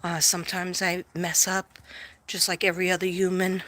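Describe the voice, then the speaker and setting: A woman's voice: lowish voice, level tone, moderate pace, a bit bright. A woman hosting a casual livestream from home at night, rambling and self-deprecating, laughing often and sometimes dropping to a whisper. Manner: drops to a whisper at times. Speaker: live-stream host.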